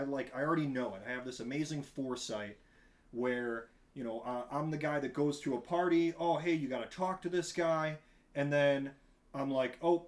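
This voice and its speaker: A man in his thirties, a podcast guest, chatting casually in a rambling, animated way and laughing often. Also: mid-range voice. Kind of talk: casual chat.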